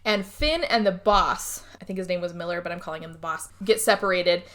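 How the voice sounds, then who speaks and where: A woman co-hosting a podcast, recapping a film plot in casual chat and acting out the characters' lines in quick bursts. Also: on the low side. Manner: animated storytelling, acts out characters in quick bursts. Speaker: podcast co-host.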